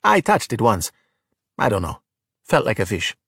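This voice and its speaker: A man's voice: lowish voice, wildly swooping pitch, normal speed, gravelly, a bit bright, husky, dry recording, studio quality, full character voice. A man doing a cocky sea-monster boy. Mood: offhand. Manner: confident, bossy, breezy.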